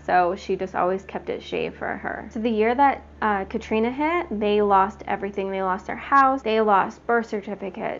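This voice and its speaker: A woman's voice: medium pitch, muffled recording, a little hiss or hum. Chatty woman telling a true crime story. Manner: chatty, conversational, frequent "like" and "you know".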